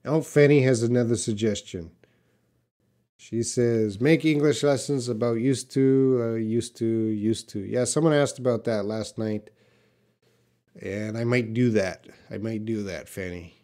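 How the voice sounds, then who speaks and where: A man runs a live English lesson, voicing questions viewers type in the chat and answering them loosely, musing aloud with frequent fillers. He talks without hurry in a medium-pitched voice.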